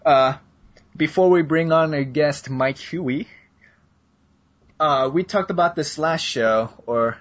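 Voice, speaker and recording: A man's voice: a little high, slow, pauses often, fairly bright tone. A man co-hosting a podcast, chatting casually and rambling with lots of fillers and laughs. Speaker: podcast co-host. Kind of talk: casual chat. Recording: dull lo-fi sound.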